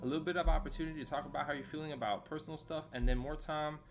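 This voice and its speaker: Rapid-fire and creaky, this man's fairly high-pitched voice keeps a steady tone as he streams gameplay. He chats casually and rambles, full of fillers and slang, while faint music plays in the background.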